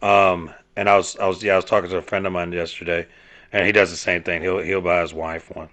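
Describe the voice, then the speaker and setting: A man's voice: low-pitched, flat delivery, fast talker, a bit bright. A man from South Georgia, hosting a casual podcast monologue, rambling and swearing with many fillers and restarts. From South Georgia, USA. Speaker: podcast host.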